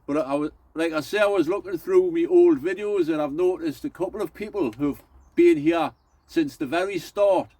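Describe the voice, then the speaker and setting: Middle-aged vlogger, rambling and folksy, talks a touch high, dry and close. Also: male voice, a little mellow, no room sound. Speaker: allotment vlogger. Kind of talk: casual chatty vlog.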